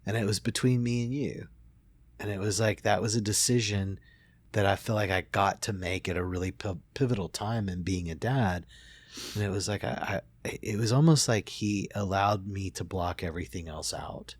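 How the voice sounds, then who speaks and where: Middle-aged guy telling a parenting story, low voice, lots of restarts, dry room. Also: normal speed, no echo. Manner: reflective, many restarts and fillers. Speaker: therapist and podcast host. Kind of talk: casual storytelling conversation.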